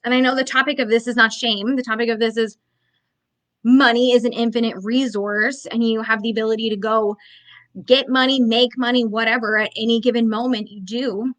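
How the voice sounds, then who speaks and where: A woman's voice: a little high, steady tone, a little fast, fairly bright tone. A woman business coach giving a blunt, emphatic motivational talk in a conversational way, full of fillers.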